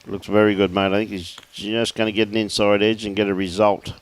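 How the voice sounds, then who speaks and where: A man's voice: lowish voice, little pitch movement, fairly quick, clear, resonant tone. A man commentating live lawn bowls, chatty and jokey, reeling off scores and bantering with his co-host. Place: bowls club.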